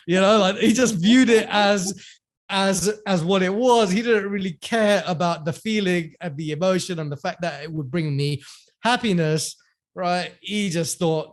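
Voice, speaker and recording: A man as a podcast guest, telling his story in a relaxed way with many fillers and self-corrections. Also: high voice, normal speed, no room sound. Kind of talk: casual storytelling interview.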